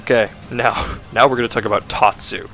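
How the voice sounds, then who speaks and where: A man's voice: medium pitch, steady tone, brisk, bright, forceful tone, faint music behind. A man giving a casual, rambling game review, ranting in an exasperated, sarcastic way with lots of fillers.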